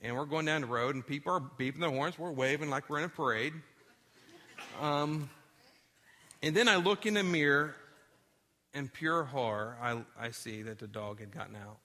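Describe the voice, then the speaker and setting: A man preaching a sermon and telling a personal story in an animated way, dropping quiet for the sad parts. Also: mid-range voice, normal speed. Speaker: pastor.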